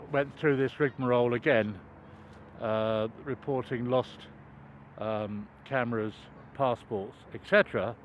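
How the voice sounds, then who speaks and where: A man's voice: medium pitch, slight background noise. An older man telling a meandering, self-deprecating story while walking outdoors, with many ums and restarts. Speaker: vlogger. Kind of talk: rambling anecdotal chat while walking. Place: outdoors in a wooded cricket ground.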